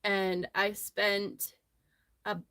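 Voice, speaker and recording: A woman's voice: medium pitch, little pitch movement, very slow, bright, forceful tone, dry recording. A woman hosting a casual crochet livestream from her phone, telling a rambling, friendly story as she works. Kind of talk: casual chat while crocheting.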